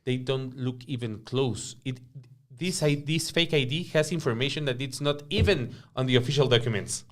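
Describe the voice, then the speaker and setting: Guatemalan spanish-accented guy hosting a podcast, mid-pitched, animated, trips over his words a bit. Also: normal speed. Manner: emphatic, animated, repeats words while searching for them. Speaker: podcast host. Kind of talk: casual podcast conversation.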